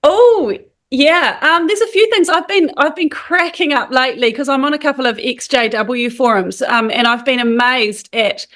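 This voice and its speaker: A woman talks casually as a guest on a podcast. Her voice is high and she talks in a chatty, animated way. She fills her sentences with ums and restarts. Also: normal speed. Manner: chatty, animated, many fillers. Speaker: guest, founder of a support group.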